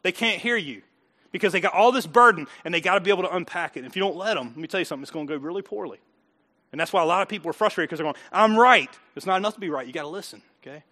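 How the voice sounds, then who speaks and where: Bright, high-voiced man preaching emphatically. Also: very fast. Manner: folksy, emphatic preaching with rising outbursts and chuckles. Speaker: pastor. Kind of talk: sermon.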